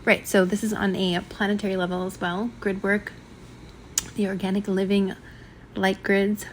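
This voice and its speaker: A woman reads a spiritual transmission aloud and stops often to talk it over. She speaks haltingly, stumbles over her words, and fills the gaps with ums and likes. Her voice sounds a little shaky, and faint noise sits under the recording. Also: medium pitch, flat delivery. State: slightly shaky voice. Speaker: spiritual channeler. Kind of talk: reading and commenting on a channeled transmission.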